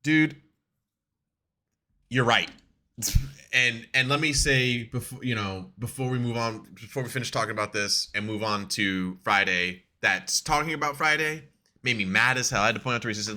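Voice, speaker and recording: Young male co-host, bright voice, animated ranter, loose and profane. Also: medium pitch, normal speed. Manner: animated ranting, swears a lot, laughs often. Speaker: podcast co-host. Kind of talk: casual chat.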